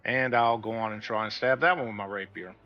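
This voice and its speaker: A man's voice: lowish voice, fairly even intonation, a little fast, muffled recording. A man playing a tabletop game, talking casually about his moves. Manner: casual, swears when frustrated. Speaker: player.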